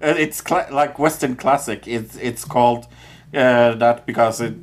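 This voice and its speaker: A man co-hosting a movie review podcast, talking casually and haltingly with many fillers. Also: medium pitch. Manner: halting, many "uh"s, enthusiastic about favorites. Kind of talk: casual chat.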